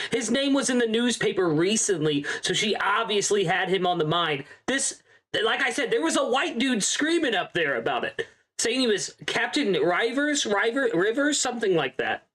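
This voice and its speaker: A man voicing a brash young male pirate captain who argues fast and indignantly. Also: sits high, fairly bright tone, exaggerated voice.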